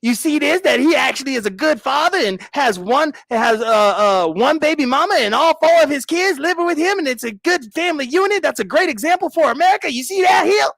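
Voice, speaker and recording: A man streaming on YouTube with a high voice, ranting sarcastically and repeating himself. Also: lively intonation, fairly quick, creaky, hardly any pauses, a bit bright, no room sound.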